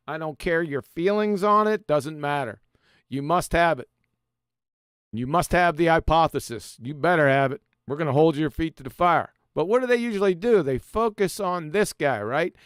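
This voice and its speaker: A man hosts a live stream, lecturing over slides in a combative, mocking tone. His voice sits high and comes through smooth and clear. He is recorded close on a dry mic with no room sound. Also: no echo. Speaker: host presenting a slideshow.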